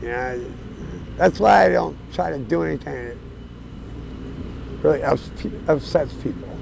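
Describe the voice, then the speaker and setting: A man of around 60 telling his life story outdoors on a city street, plain-spoken and casual, with fillers and soft chuckles. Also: fairly high pitch, measured pace, gravelly, noisy background. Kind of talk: candid storytelling.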